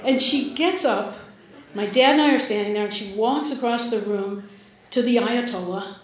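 Brief: older woman, high voice, slow and wry storytelling in an echoey hall. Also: crowd noise. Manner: wry, amused, often laughing while speaking. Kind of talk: personal storytelling to an audience.

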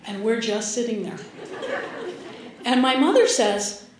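A woman's voice: fairly high pitch, measured pace, pauses often, heavy reverb, a little hiss or hum, poor audio. An older woman from the Detroit area, telling a personal story to an audience in a wry, amused way, often laughing as she speaks.

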